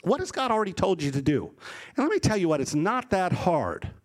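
A middle-aged male pastor preaching with animated energy. His voice sits a little high, and he tells the stories vividly, slipping into the people he describes. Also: fairly quick. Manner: animated storytelling, acts out voices. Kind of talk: sermon.

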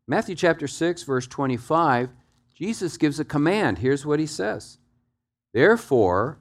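Leading his congregation through the text, this male pastor preaches emphatically in a mid-range voice. He moves between quiet, low asides and loud exhortations, with big shifts in volume.

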